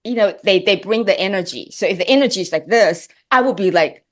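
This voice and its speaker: A woman's voice: mid-range voice, lively intonation. A middle-aged actress talks as an interview guest. She speaks with heartfelt emotion, stops often and restarts her sentences. Her voice is mid-range. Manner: emotional, halting, many restarts. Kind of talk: interview chat.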